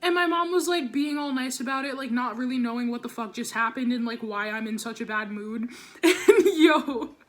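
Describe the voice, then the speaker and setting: A woman's voice: on the high side, normal speed. A teenage girl telling a storytime vlog, ranting with heavy profanity and constant "like" fillers, recorded on a camera or phone mic. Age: teens. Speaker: vlogger.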